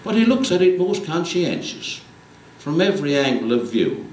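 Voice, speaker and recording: Animated man. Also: fairly high pitch, moderate pace, a little hiss or hum. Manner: lively storytelling. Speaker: performer at a community concert. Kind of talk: comic recitation. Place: community concert hall. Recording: echoey hall, mic far off.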